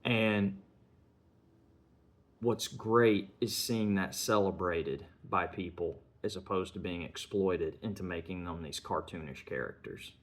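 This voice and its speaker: Deep-voiced man retelling a film. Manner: earnest, measured, strings sentences together with "and". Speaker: film reviewer.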